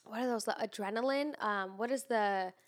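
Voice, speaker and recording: Young woman, kinda high voice, stuffy nasal sound, rambly chatty, says like a lot. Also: moderate pace. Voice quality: congested, nasal. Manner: chatty, swears freely, lots of "like". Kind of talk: casual chat.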